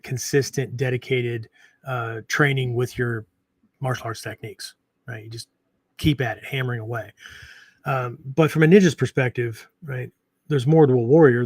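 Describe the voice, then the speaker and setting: Rambling middle-pitched man, dry sound. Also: breathy edge, dry recording. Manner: rambling, many fillers and restarts, frequent "right?". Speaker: podcast host and martial arts teacher. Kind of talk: casual unscripted talk.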